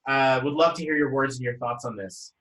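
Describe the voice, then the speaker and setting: A man's voice: mid-range voice, fairly quick, fairly bright tone, roomy sound, rough recording. A man hosting a casual group video call as a numerology coach, upbeat and effusive, rambling from one thought to the next.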